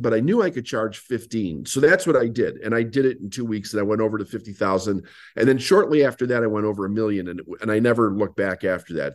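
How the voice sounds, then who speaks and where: A man, a business coach guest on an interview, telling his story and acting out old conversations. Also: lowish voice. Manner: animated storyteller, acts out past dialogue.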